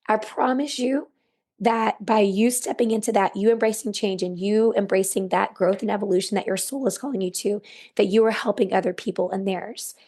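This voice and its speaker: A woman hosting a self-help podcast, earnest and repeating key phrases, her voice raspy and worn. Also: mid-range voice, darkish tone. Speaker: podcast host. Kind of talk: encouraging self-help monologue.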